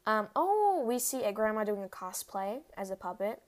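A woman's voice: medium pitch, fairly even intonation, a little mellow. A young woman hosting a casual solo podcast, rambling with many fillers. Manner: rambling, heavy use of "like", quick laughs. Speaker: podcast host.

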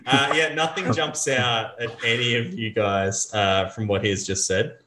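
A man's voice: mid-range voice, fairly even intonation, unhurried, roomy sound, a loud crowd. A man narrating a tabletop game as game master, casual and loose. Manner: casual, with fillers and restarts.

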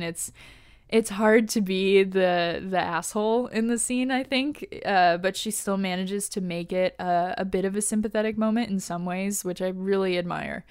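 A woman hosts a casual podcast and recaps an episode with animated enthusiasm, laughing often and swearing casually. Her voice is smooth and resonant. She is on a close mic with a dry, dead sound. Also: medium pitch, dry recording. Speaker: podcast host.

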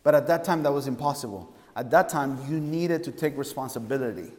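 A man's voice: medium pitch, fairly quick, a little mellow, in a large hall. A man preaching a sermon, emphatic and fond of asking his listeners questions. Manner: emphatic, asks the congregation questions.

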